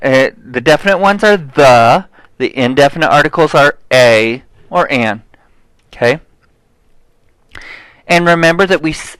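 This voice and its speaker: Slow, patient male Spanish teacher. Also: a little high, fairly bright tone, dry recording, rough recording. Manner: explains step by step, checks with "okay?"; spells out example words slowly. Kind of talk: recorded classroom lesson.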